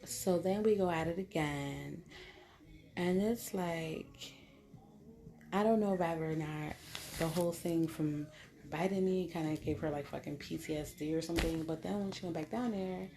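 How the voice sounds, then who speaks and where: A woman's voice: low voice, fairly even intonation, normal speed, mellow, slight background noise. A woman vlogger telling a casual storytime monologue to her viewers in a blunt, profane and graphic way.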